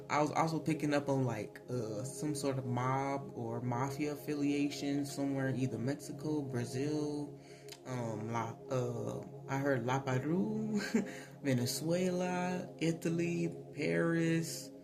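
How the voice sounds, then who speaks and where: A man giving a casual spiritual tarot reading, chatty, laughing often and filling pauses with ums. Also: mid-range voice, steady tone. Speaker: tarot reader. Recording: voice over clear background music.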